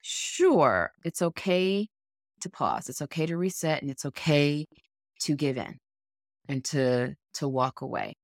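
A woman's voice: low-pitched, expressive, measured pace, no room sound, studio quality. A woman co-hosting a podcast in an earnest, encouraging coaching tone. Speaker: podcast co-host. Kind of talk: motivational casual chat.

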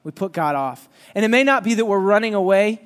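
High-voiced man preaching with jokes. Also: a little fast, clean tone, big-room sound. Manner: animated, joking storyteller who teases the audience. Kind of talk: sermon with personal storytelling.

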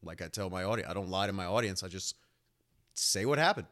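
A young man hosting his own podcast, rambling through a personal story in casual chat, animated and swearing freely, with lots of "like" and "uh.". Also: deep voice, fast talker. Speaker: podcast host and nurse.

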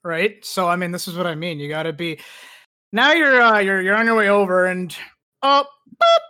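A man's voice: high voice, fairly quick, bright, forceful tone, clean tone. A man co-hosting a podcast in casual chat, quizzing his friend with a made-up scenario. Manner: quizzing, spinning out a hypothetical scenario. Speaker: podcast co-host.

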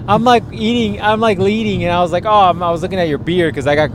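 Podcast host, man, thirties, profane and animated, a little high-pitched, faint hiss behind. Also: fast talker. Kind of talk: crude casual banter.

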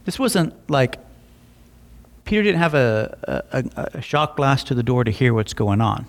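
A young adult man preaching a sermon, telling stories with lively voiced asides. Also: medium pitch, unhurried. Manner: animated storytelling with voiced asides. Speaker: pastor.

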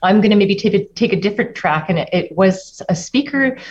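A woman's voice: medium pitch, lively intonation, fairly quick, a little mellow, lo-fi sound. A woman who heads a library, speaking as a guest in a friendly, reflective way. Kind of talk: interview answer.

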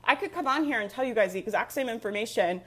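A young woman with a slightly high voice gives a fired-up live stream pep talk to her online community. She is emphatic and repetitive, with frequent laughs. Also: animated, fast talker, a bit bright, slightly rough. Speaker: online business coach.

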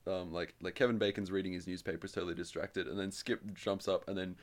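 A young man co-hosting a film review podcast, making dry, deadpan jokes. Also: sits low, fast talker. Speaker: podcast co-host. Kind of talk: casual film review chat.

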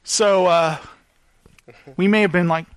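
A podcast host telling a self-deprecating story in casual chat, animated and apologetic in tone. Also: male voice, high-pitched, slow pace, clear, resonant tone, no room sound.

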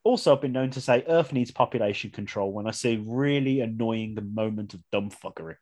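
This podcast host has a fairly low voice and a brisk pace. On his casual show he reads out listener submissions with lively energy, laughing often.

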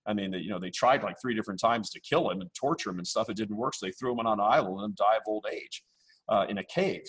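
A man speaking as a podcast guest, blunt and forceful, repeating himself as he rambles. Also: on the low side, quick pace, breathy edge. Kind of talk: casual interview.

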